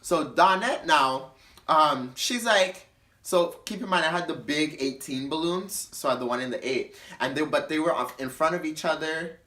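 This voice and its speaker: A young man casually telling a story, animated and slangy, repeating words for emphasis. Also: fairly high pitch, normal speed. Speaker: storyteller host.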